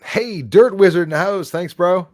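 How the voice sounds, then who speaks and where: A man's voice: sits high, normal speed, a little mellow, no room sound, clean studio sound. A man hosting a livestream, chatting in a rambling way and thanking viewers by name. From Canada. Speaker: livestream host. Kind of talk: casual livestream chat.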